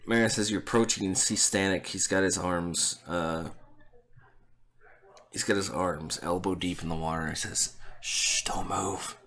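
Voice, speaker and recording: A man narrating a tabletop game as game master in a relaxed, descriptive way. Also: low voice, normal speed.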